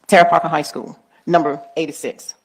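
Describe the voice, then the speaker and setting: Woman witness, low voice, careful answers under questioning. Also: flat delivery, fairly quick. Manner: short careful answers, plain explanations. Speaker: school officer testifying as a witness. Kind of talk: witness testimony.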